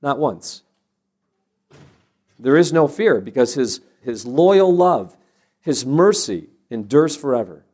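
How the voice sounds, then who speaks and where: In a sermon-style parenting talk, a Christian speaker tells anecdotes and repeatedly restarts his phrases as he develops his message with earnest conviction. His medium-pitched, dark voice swings widely in pitch, moving slowly with long pauses.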